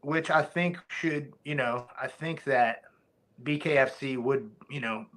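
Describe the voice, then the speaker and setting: A man's voice: mid-range voice, measured pace, a bit bright. A man, a former fighter, talking casually as a podcast guest, rambling with many restarts.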